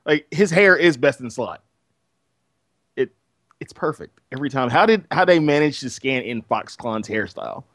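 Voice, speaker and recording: A man's voice: mid-range voice, animated, moderate pace, a bit bright, no echo, studio quality. A man co-hosting a gaming podcast, joking around and blurting things out. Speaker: podcast co-host. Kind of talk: casual gaming podcast chat.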